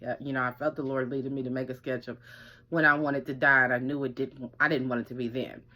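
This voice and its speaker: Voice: medium pitch, little pitch movement, fast talker, bright, forceful tone. A survivorship coach telling a personal story in loose, casual talk, rambling with lots of fillers and acting out quoted speech. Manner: rambling, many "like" and "you know" fillers, acts out quoted speech.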